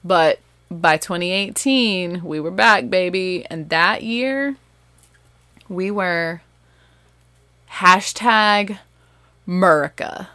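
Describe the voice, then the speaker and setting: A woman with a Southern accent chatting casually as a host, animated, laughing and correcting herself as she goes. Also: fairly low pitch, slow pace, no echo. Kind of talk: casual chat.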